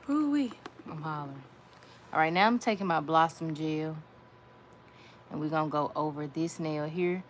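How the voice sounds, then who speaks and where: A woman's voice: low voice, normal speed, long pauses. A woman giving a casual nail art tutorial, chatty, repeating her phrases and talking to viewers as y'all. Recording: faint background noise.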